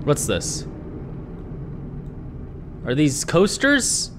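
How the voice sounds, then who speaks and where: A young man commenting on a horror game he is playing, sarcastic and swearing, jumping between low mutters and startled yelps. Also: huge pitch swings, drawn-out words, noisy background. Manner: jumpy, sarcastic and profane, swinging from muttering to yelps. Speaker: gaming video host. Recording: faint music behind the voice.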